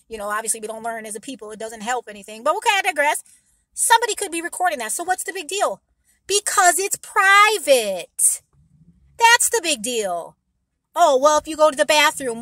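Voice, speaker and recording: A woman's voice: high-pitched, pushed and bright, dry recording. A woman vlogger giving rambling, emphatic advice to her viewers in a casual monologue, blunt and sometimes swearing.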